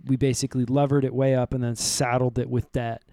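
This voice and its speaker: A man co-hosting a comedy podcast, rambling through an absurd improvised recap with a deadpan delivery. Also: mid-range voice, fairly quick, clear, resonant tone, no echo, clean studio sound. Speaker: podcast co-host.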